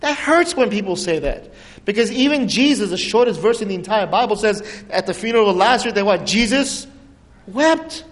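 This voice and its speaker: A man preaching a sermon, telling stories with lively swings between soaring highs and hushed lows. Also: fairly quick. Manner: animated storytelling with dramatic pitch swings and soft drops. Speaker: pastor. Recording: long hall reverb.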